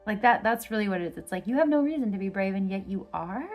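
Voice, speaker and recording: A woman of medium pitch rambles through a tarot reading, stringing her thoughts together with endless fillers. She sounds effusive and enthusiastic. A faint bed of music sits behind her voice. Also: expressive, quick pace, a little mellow. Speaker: tarot reader. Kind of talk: casual pick-a-card tarot reading.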